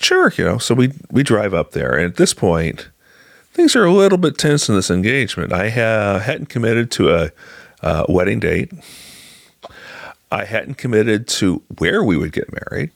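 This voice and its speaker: Man, low gravelly voice, animated pitch, dry close recording, casual storyteller. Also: no echo. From Illinois, USA. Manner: conversational, halting with fillers and restarts, voices other people in quotes. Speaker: storyteller sharing a personal faith story.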